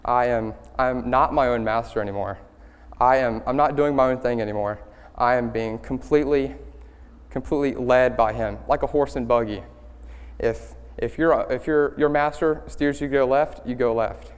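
A young man giving a student-led sermon, earnest and halting, with many ums and restarts. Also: mid-range voice, smooth. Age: young adult. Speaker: student speaker leading worship. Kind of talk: church sermon. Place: church sanctuary. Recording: hall reverb in a church.

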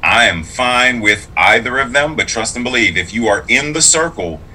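Man, clergy and teacher, very bright forceful tone, earnest, reflective, faint noise behind. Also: medium pitch, lively intonation, moderate pace, low-quality recording. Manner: earnest, reflective, emphatic storyteller. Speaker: clergy member and public school teacher. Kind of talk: casual conversational interview.

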